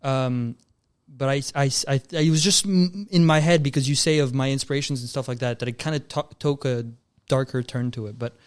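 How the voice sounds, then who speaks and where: A man's voice: mid-range voice, fairly quick, clean tone. A young man from Canada, a filmmaker guest, telling a long story in a casual chat, easygoing and calling people bro and dude. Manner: laid-back, calls people bro and dude.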